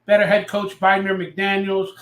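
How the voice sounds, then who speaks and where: A man's voice: high voice, monotone, unhurried, fairly bright tone, roomy sound, recorded from a distance. A man hosting a casual live stream, ranting sarcastically and reading out viewer comments. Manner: ranting, sarcastic, reads chat aloud.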